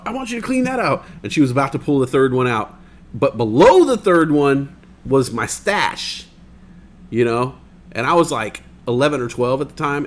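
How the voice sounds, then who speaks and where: Animated young man telling stories. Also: mid-range voice. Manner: animated, swears often, acts out quoted voices. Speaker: stream co-host. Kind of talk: casual storytelling chat.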